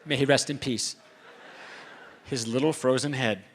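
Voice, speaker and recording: A man giving a storytelling talk on stage, animated and comic, acting out the voices in his stories. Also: mid-range voice, measured pace, a little hiss or hum. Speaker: speaker at a convention. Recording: long hall reverb.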